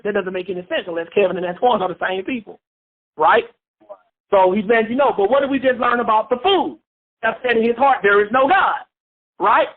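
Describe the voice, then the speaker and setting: A Bible teacher leading a call-and-response study, repeating points and asking listeners questions. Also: medium pitch. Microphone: phone. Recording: phone-line radio call.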